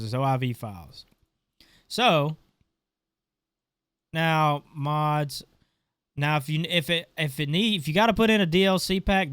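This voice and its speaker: Stuffy, offhand man with a smooth voice. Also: on the high side, fairly bright tone, no room sound, studio quality. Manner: offhand, talks while clicking through settings. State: stuffy, congested. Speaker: gaming channel host. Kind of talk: casual screen-recorded tutorial.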